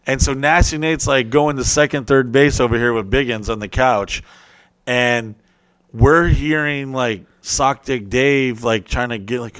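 A young adult man telling a profane, animated story on a podcast, acting out his friends' voices. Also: medium pitch, unhurried, smooth, no room sound. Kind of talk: crude storytelling.

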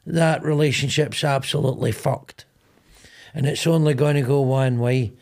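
A man's voice: medium pitch, steady tone, moderate pace, gravelly, a little mellow. A middle-aged man with a Glaswegian Scottish accent hosting a podcast, telling rambling, sweary stories and acting out both sides of arguments. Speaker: podcast host. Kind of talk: casual comedic chat.

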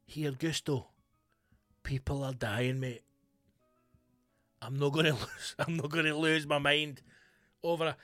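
A man hosting a podcast, delivering a comic, sweary, animated rant. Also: a little high, measured pace, long pauses, dry recording, studio quality, faint music behind. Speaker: podcast host. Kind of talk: comic ranting monologue.

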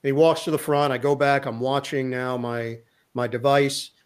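A middle-aged man and sports broadcaster, a guest telling a lively anecdote in an interview, acting out the lines of the people in his story. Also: medium pitch, moderate pace, smooth. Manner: lively anecdote teller who acts out quotes.

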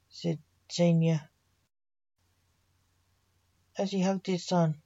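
A woman reading a dark fantasy story aloud as a storyteller, keeping an even reading manner with little change between the characters. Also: fairly low pitch, takes it slowly, long pauses, lo-fi sound. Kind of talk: scripted story narration.

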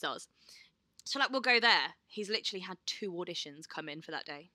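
Young woman, podcast co-host, very bright, dry close sound, chatty and laughing. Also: fairly low pitch, expressive, a little fast, no room sound. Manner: chatty storyteller, laughs often, swears casually. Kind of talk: casual chat.

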